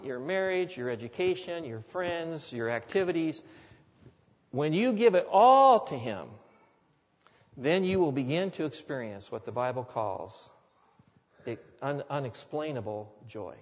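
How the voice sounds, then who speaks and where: A man's voice: on the high side, a little mellow. A man preaching a sermon as a pastor, earnest and building to emphatic repetition. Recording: long hall reverb, dull lo-fi sound.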